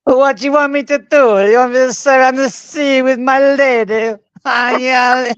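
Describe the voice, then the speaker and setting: A man's voice: very high-pitched, steady tone, moderate pace, a bit bright, smooth, no room sound, pitched above the performer's own voice. A man putting on a boastful foreign reporter caricature with a mock Kazakh accent and broken English. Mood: goofy boasting. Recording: dull lo-fi video call.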